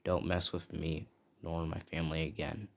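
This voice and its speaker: A man voicing Izuku, a quiet menacing demon king. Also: a bass voice, little pitch movement, moderate pace, gravelly. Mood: threatening. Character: young male demon king, calm and menacing.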